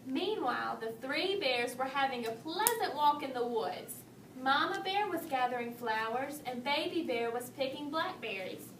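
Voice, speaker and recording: High-voiced woman reading a storybook. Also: normal speed, recorded from a distance. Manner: expressive read-aloud, raising pitch for the bears' lines. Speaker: storybook reader. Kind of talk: reading a children's story aloud. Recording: echoey room, voice from off-mic, faint hiss.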